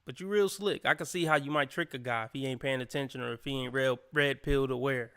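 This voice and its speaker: A man's voice: mid-range voice, fast, a bit bright, smooth. A man commenting on a clip during a livestream, blunt and profane, mocking people by quoting them.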